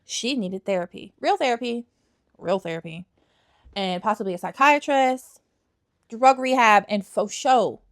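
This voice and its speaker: A young woman with a fairly high voice gives casual book reviews in a chatty vlog style. She is sassy and emphatic, and she repeats her points for effect.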